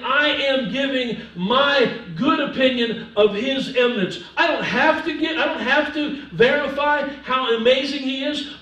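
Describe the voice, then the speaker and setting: A man, an older pastor, preaching a sermon with humor, swinging between soft asides and loud emphasis. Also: extremely high pitch. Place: church sanctuary. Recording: echoey church from a distance.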